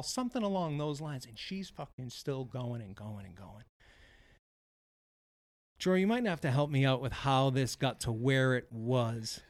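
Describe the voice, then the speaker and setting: A man co-hosting a podcast, telling a golf story in casual chat, animated and profane, acting out what people said. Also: mid-range voice, a little slow, no room sound. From Wisconsin. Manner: animated, profane, acts out quotes. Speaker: podcast co-host.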